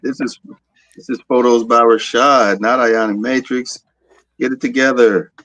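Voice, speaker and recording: A man's voice: mid-range voice, fairly even intonation, a little slow, fairly bright tone, dry recording, highs cut off. A man co-hosting a casual podcast chat, easygoing and joking, sometimes mimicking others. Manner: easygoing, joking, slips into mock impressions. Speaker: podcast co-host.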